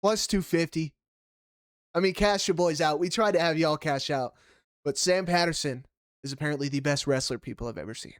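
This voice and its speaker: Man, fight podcast co-host, animated and profane, slightly high voice, dry close sound. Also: fairly quick, dry recording. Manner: animated, swears freely, laughs loudly. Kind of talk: casual MMA fight recap.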